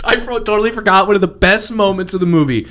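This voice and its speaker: A man with a notably high voice, co-hosting a casual podcast. He talks in an animated, profane way and keeps slipping into gruff impressions of film characters. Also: fast. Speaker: podcast co-host. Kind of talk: casual chat.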